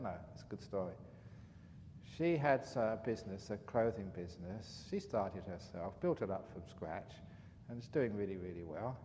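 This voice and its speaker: A man, a monk, giving a dharma talk as an animated, chatty storyteller. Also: on the low side. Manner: animated, chatty storyteller with frequent "you know". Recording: reverberant hall, faint background noise.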